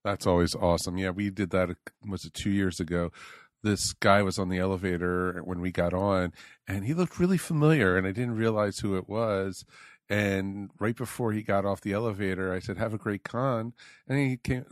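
A man's voice: low-pitched, moderate pace, no echo, clean studio sound. A man hosting a casual interview, upbeat and encouraging with his guest. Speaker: podcast host.

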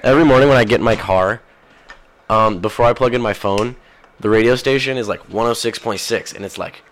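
A man's voice: on the low side, brisk, a little hiss or hum. A man hosting a podcast in casual rambling chat, crude and profane, jumping from one thing to the next. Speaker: podcast host.

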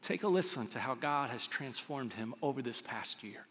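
A man preaching a sermon as a pastor, speaking in a conversational, animated storytelling way with acted quotes. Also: mid-range voice, normal speed, long reverb tail. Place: church auditorium.

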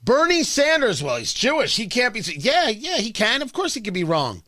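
Animated, bright-voiced talk radio man. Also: very high voice, moderate pace, dry recording, studio quality. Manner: sarcastic, ranting, mocking. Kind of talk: opinionated talk radio monologue.

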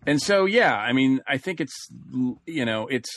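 A man's voice: medium pitch, lively intonation, moderate pace, no echo, studio quality. A man co-hosting a casual review podcast, talking in a rambling way with lots of fillers and restarts. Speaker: podcast co-host.

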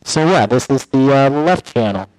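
A man walking through a modular synth patch in a casual, halting demo, with many fillers and restarts. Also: medium pitch, expressive, darkish tone, no room sound, low-quality recording. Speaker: guest musician demoing a modular synth patch. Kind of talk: casual hands-on demo talk.

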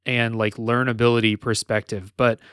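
A man's voice: medium pitch, flat delivery, moderate pace, a bit bright, clear, resonant tone, no echo, clean studio sound. A man co-hosting a casual gaming podcast, rambling with lots of filler words and restarts. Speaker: podcast co-host.

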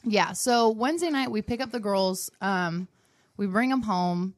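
A young woman tells a funny story to her co-hosts in a loose, chatty way, full of likes and little laughs. Her voice sits at a middle pitch and sounds close and dry, with no room around it. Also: unhurried, no echo. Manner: animated, laughing, lots of likes and fillers. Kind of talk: casual storytelling chat.

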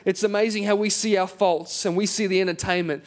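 In church, a pastor preaches a conversational sermon, telling a story with self-deprecating humor and acting out the voices of people he quotes. His voice is high-pitched, with a steady tone and a slightly fast pace.

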